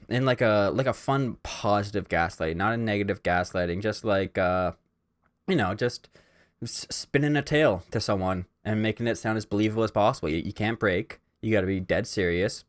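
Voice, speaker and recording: A young man from Canada hosting a casual solo podcast, telling stories in a rambling way with lots of "like" and "um". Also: lowish voice. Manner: rambling storyteller, heavy on "like" and "um". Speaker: podcast host.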